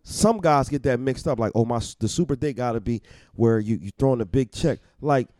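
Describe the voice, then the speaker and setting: A man talking as a podcast guest in casual chat, blunt, profane and animated as he tells stories. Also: mid-range voice, a little fast, no echo, studio quality.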